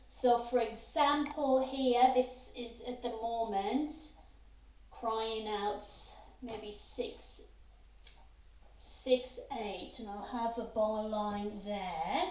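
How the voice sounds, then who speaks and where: A woman's voice: on the high side, fairly even intonation, slow pace, a little mellow. A woman teaching a music theory lesson, giving patient step-by-step instructions. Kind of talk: classroom lesson to students. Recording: echoey room.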